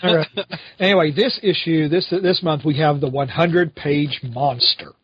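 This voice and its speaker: A middle-aged man co-hosting a casual podcast, talking in animated, exasperated rants. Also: fairly high pitch, normal speed, husky, no echo. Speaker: podcast co-host. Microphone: home podcast microphone. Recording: slightly dull lo-fi audio.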